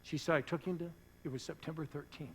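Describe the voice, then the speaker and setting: Gravelly pastor telling a story. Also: male voice, fairly high pitch, steady tone, fast talker, a little hiss or hum, poor audio. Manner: earnest, drops to soft hushed tones for emotional moments. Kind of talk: sermon storytelling. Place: church.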